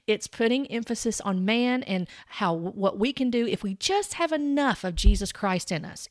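A woman's voice: a little high, moderate pace, dry recording, clean studio sound. A woman giving an earnest, corrective Bible commentary, citing chapter and verse and speaking straight to her viewers. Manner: addresses viewers directly. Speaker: Christian commentator.

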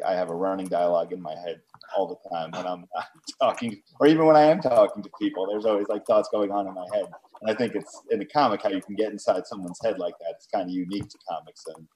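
A man with a very low, deep voice, speaking in a casual panel conversation. He thinks aloud in long run-on turns and circles back to his points. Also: darkish tone, a little hiss or hum, low-quality recording. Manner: thoughtful, talks at length in long run-on turns.

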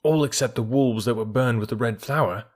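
A man's voice: mid-range voice, fairly quick, lightly acted. A man voicing a loyal, anxious young male wolf who speaks earnestly in old-fashioned words. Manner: earnest, archaic speech.

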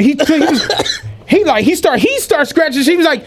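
A man co-hosting a podcast, casually telling a profane, animated story and acting out what people said. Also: very high-pitched, normal speed. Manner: animated, profane, acts out quotes with laughter. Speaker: podcast co-host.

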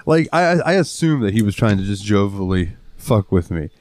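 A young man with a very low voice, chatting on a podcast and laughing often. He tells his stories loosely, swearing as he goes. The sound is dry and close, with no room echo. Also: big pitch swings, moderate pace, a little mellow. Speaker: podcast co-host. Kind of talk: casual chat.

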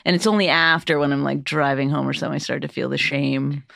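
A woman's voice: low-pitched, quick pace, vocal fry, no room sound, clean studio sound. A woman stand-up comedian chatting on a podcast, telling blunt, profane stories about her gigs. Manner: blunt, profane and animated storytelling. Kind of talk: casual podcast chat.

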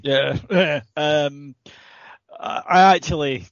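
A man's voice: on the high side, fairly even intonation, drawn-out words, dry recording. Male podcast co-host, rambling and sweary, dry slightly dull recording. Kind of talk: casual chat.

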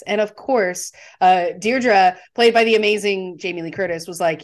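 A woman's voice: medium pitch, moderate pace, few pauses. Woman podcast co-host, casual chatty talk, retelling scenes, mid-range voice. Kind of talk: casual movie discussion.

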